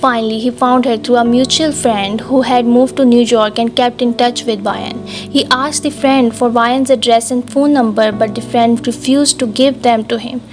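A woman, not a native English speaker, narrating a fan fiction story in a flat, list-like way. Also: fairly high pitch, normal speed, few pauses. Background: music.

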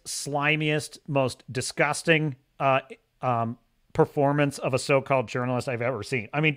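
A man hosts a casual livestream and talks in a sharp, bright tone. He is opinionated and emphatic, and he often says things twice for stress. His high voice swoops up and down all the time. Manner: opinionated, emphatic, repeats himself. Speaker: host of a streaming show.

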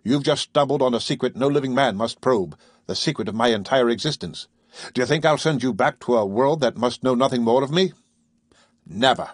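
A secretive submarine captain speaks with cold, measured authority, as a man reads him in an audiobook. The voice is slightly husky and sits at an ordinary male pitch. The sound is dry and close. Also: no echo, lightly acted. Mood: stern. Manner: measured, commanding, coldly formal. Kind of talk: audiobook character reading.

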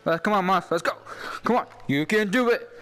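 A young man giving let's-play commentary on a game he has waited for, excitable and cheering on his character. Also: sits high, fairly quick, faint music behind. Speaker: YouTube gamer.

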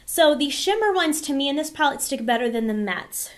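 A woman beauty vlogger chatting through a product review in a hoarse voice, enthusiastic and chatty. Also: high voice, lively intonation, a little fast. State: hoarse, losing her voice.

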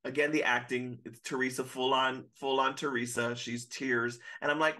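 Bright-voiced man chatting as a guest. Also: medium pitch, flat delivery, moderate pace. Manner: emphatic, exclaims and quotes his own reactions. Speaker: podcast guest. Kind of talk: casual recap chat.

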